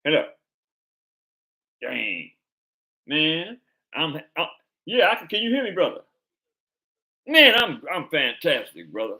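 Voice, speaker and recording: Animated, bright-voiced man hosting a live chat. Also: a little high. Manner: halting, repeats words, slangy. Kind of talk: casual live stream talk.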